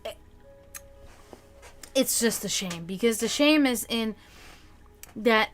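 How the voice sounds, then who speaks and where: A woman's voice: on the high side, animated, slow pace, soft background music. A young woman hosting a livestream, talking casually to her chat and ranting in frustration with frequent swearing. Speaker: livestream host.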